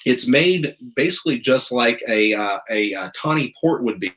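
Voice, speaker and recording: A man's voice: mid-range voice, expressive, normal speed, fairly bright tone. A man from the American South hosting a casual wine show, explaining with rambling restarts and jokey asides.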